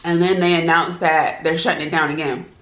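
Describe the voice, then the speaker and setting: A woman's voice: deep voice, fairly even intonation, a little fast, lo-fi sound. Chatty woman eating on camera, echoey room. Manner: warm, chatty, talks to viewers as "y'all". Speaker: mukbang host. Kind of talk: casual chat while eating. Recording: echoey room with faint noise.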